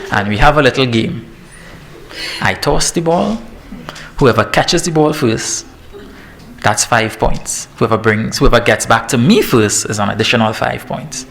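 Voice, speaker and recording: A man in his thirties, a fitness trainer giving a lively, joking talk to parents. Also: medium pitch, measured pace, vocal fry, pauses often, crowd noise. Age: 30s. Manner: lively and joking, laughs at himself. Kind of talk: presentation to parents.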